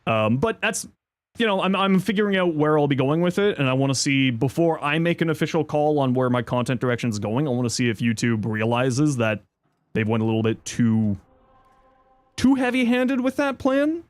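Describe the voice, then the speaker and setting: A man livestreaming in casual chat, reading viewer messages aloud and thanking subscribers, thinking out loud. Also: brisk, dry recording. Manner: squeaky high-pitched outbursts of surprise. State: chewing an apple.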